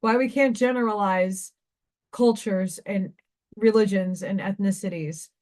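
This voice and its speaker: A woman's voice: medium pitch, fairly even intonation, measured pace, a little mellow. A woman hosting a craft livestream, ranting in an emotional, repetitive way and sounding tearful. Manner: emotional, ranting, repeats herself. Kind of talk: casual live-stream monologue.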